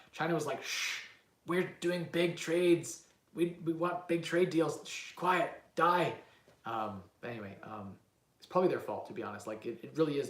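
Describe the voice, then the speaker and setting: A man's voice: mid-range voice, roomy sound. A man, rambling animatedly through a casual live-stream Q&A as a real estate investing host. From Canada. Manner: rambling, animated, lots of "like" and "right?".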